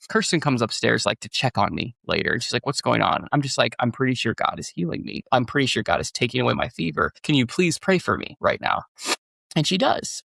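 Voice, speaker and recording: A man with a gravelly, mid-pitched voice tells a personal story on a podcast. He talks in an earnest, rambling way, full of fillers and restarts. The sound is dry and close. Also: very animated, fairly quick, sharp tone, dry recording. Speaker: pastor and guest.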